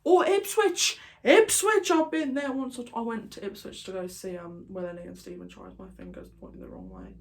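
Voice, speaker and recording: A woman's voice: lowish voice, sing-song, fast talker, gravelly, hardly any pauses, a little mellow, a little hiss or hum. Casting: chatty British woman vlogger, jokey, wanders off on tangents. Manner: rambling, jokey, goes off on tangents. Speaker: YouTuber. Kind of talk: casual vlog chat.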